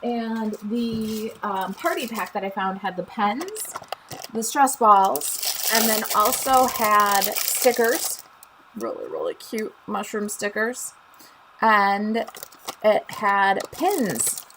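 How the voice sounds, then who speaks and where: A woman's voice: medium pitch, animated, slow. A woman with a Chicago accent talks through a live stamping craft stream in a chatty, upbeat way. She greets viewers by name and laughs easily, with a faint hum of noise behind her. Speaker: stamping craft demonstrator and show host.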